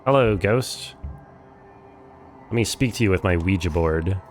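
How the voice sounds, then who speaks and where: A man's voice: low-pitched, unhurried, faint music behind. A young man with a Californian accent streaming a game, chatting casually and saying "like" a lot. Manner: chatty, relaxed, lots of "like". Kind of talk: casual live-stream chat.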